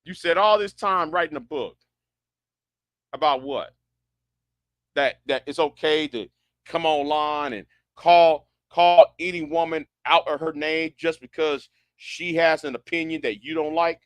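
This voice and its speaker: A man's voice: fairly high pitch, a little slow, no echo. A man delivering a sarcastic, incredulous rant as an online commentator, often repeating himself. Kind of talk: ranting commentary.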